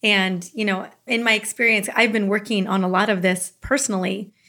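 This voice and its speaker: A woman's voice: mid-range voice, fairly even intonation, brisk, pushed and bright. Woman, interview host, curious, casual, hedging, fillers. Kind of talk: interview conversation.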